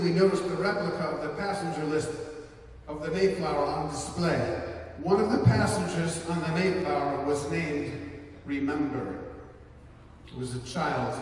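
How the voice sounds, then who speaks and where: A male pastor giving an earnest sermon and personal testimony to an audience, slowing down for emphasis. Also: fairly high pitch, darkish tone, a little hiss or hum. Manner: earnest storytelling, slows for emphasis. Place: large hall before a live audience. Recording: echoey hall from far off.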